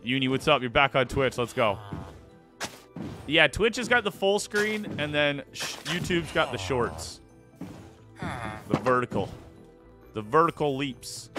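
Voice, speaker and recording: A man's voice: mid-range voice, expressive, measured pace, pauses often, over music. A man live-streaming a video game, chatting casually and playfully with his viewers. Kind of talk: live gaming stream chat.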